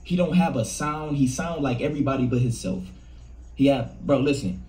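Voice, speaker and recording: A man's voice: mid-range voice, normal speed, warm tone. A man hosting a casual commentary video, mocking and conspiratorial in tone. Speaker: host.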